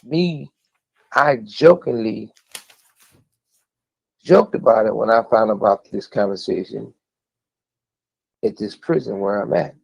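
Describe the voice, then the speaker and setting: A low-pitched man with a gravelly, husky voice tells a story bluntly and with plenty of profanity. The sound is dull and lo-fi, and his words wander as he talks. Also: slow pace, long pauses, a little mellow. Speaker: interviewee speaking from prison. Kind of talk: storytelling recollection.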